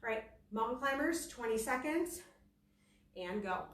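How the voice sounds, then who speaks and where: A fitness instructor talks her class through a workout while doing it herself, chatty, self-deprecating, and at times breathless. Her voice is a little high with lively intonation and a measured pace. Slight hiss or hum accompanies the distant, echoey recording.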